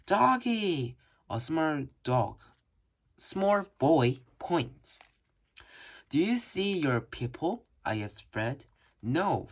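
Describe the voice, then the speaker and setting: Slow careful reader doing a kids book, breathy voice, goes up and down a lot. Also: mid-range voice. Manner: slow, careful reading with occasional slips. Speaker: storybook reader. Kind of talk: reading a children's book aloud.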